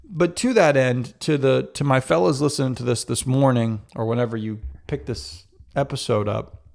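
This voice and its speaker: Talking frankly and critically about himself, a married podcast host addresses the men in his audience directly in casual solo talk. He speaks at normal speed in a medium-pitched, darkish voice with vocal fry.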